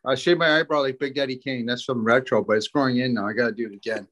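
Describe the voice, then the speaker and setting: A man's voice: mid-range voice, steady tone, fast talker, fairly bright tone, slight background noise. Joking Canadian man in his forties. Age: 40s. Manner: laid-back, joking, rambling. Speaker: podcast guest, fishing guide. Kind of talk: casual chat.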